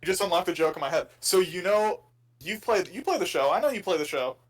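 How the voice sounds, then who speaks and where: A man's voice: high voice, animated, quick pace, low-quality recording. A man co-hosting a sports podcast, chatting casually and joking through rambling stories with restarts. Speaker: podcast co-host.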